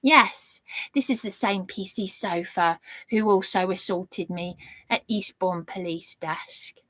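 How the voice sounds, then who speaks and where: A woman's voice: mid-range voice, bright, forceful tone. A woman vlogger telling an aggrieved story to her viewers in an indignant, rambling way. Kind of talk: aggrieved monologue to camera.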